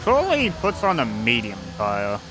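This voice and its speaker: A man's voice: mid-range voice, huge pitch swings, normal speed, very noisy. A young man giving casual live commentary on an online sim racing league, rambling and restarting sentences. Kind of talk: live esports race commentary.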